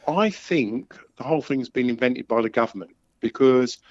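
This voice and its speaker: A man's voice: medium pitch, moderate pace, a little mellow, no echo, lo-fi sound. A man chatting casually on a comedy show, with dry, wry humour. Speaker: co-host.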